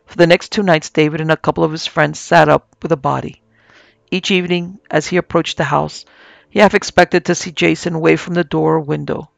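A man narrating a scripted horror story in a slow, measured way as podcast host. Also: a little high, gravelly, no echo.

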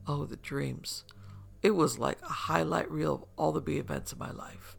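A man telling a first-person story in a soft, measured voice that turns hushed at times. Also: fairly high pitch, fairly even intonation, vocal fry. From upstate New York. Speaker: narrator.

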